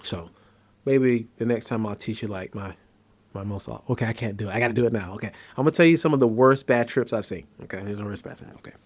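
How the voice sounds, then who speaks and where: A psychiatrist host with a lowish voice talks quickly in a dry recording, casually explaining a treatment and sharing stories from his practice. He's conversational and turns animated when he acts out scenes.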